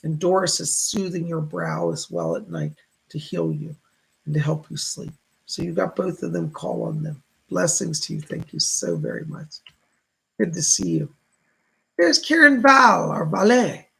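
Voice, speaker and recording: Man, psychic live-stream host, heavy vocal fry, hoarse raspy tone, relays messages to viewers. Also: on the high side, very animated, a little slow, bright, forceful tone, poor audio. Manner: reads viewer messages aloud and relays spirit messages. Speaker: psychic reader, show host.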